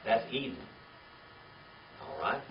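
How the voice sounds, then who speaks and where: A man with a lowish, expressive voice and some vocal fry teaches a Bible lesson slowly to a small class, asking questions, repeating key words and saying "all right?" after each point. Crowd noise is audible, and the room recording sounds distant, echoey and dull with faint hiss.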